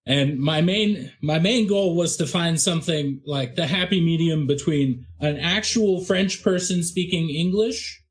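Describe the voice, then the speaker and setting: A man's voice: a little high, a little slow, few pauses. A man in a casual podcast chat, explaining things in a modest, self-deprecating way. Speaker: actual-play podcast cast member.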